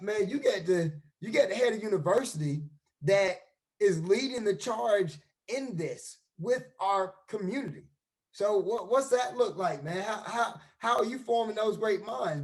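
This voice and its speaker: A man's voice: sits high, normal speed. A man hosting a panel discussion, affirming the speakers and calling them brother. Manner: warm affirming, calls guests brother. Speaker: host.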